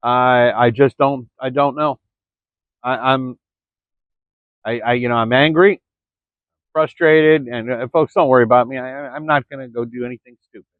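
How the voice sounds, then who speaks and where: A man's voice: medium pitch, fairly even intonation, normal speed, pauses often, dry recording. A man in a rambling vlog monologue, stumbling over words and calling his listeners "folks.". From Florida. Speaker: vlogger. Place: early morning, indoors or near the camera. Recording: dry, dull lo-fi sound.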